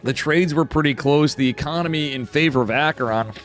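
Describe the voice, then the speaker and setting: A man with an upstate New York accent giving casual live commentary on a strategy game, swearing now and then and bursting into excited outbursts. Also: fairly high pitch, a little fast, soft background music. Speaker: esports caster.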